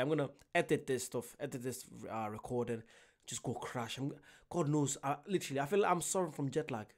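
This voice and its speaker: A man's voice: mid-range voice, darkish tone. An exhausted man giving casual reaction commentary as host, rambling and pleading with viewers.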